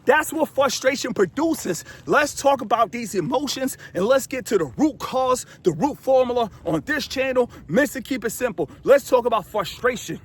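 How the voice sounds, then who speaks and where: A man's voice: very high voice, animated, moderate pace, hardly any pauses, slightly rough. A man giving a casual motivational monologue to his viewers, preachy and repetitive, full of rhetorical questions, filmed outdoors in a remote desert spot. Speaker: motivational vlogger.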